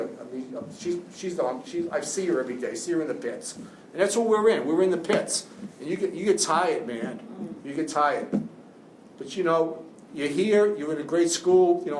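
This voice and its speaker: A man speaks to a class with raw, rambling passion, stumbling and restarting as his feeling runs high. His voice sits a little high for a man and rings in an echoey room. A faint hiss sits under it. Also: animated, fairly quick, distant mic. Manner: emotional, impassioned, rambling with restarts. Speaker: juvenile defense attorney, guest speaker. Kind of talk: classroom talk to law students.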